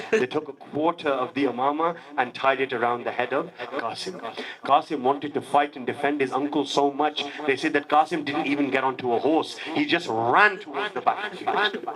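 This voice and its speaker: A man delivering a Muharram sermon, telling a tragic story that sinks low and soft, then swells into loud wailing. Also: low-quality recording. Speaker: preacher.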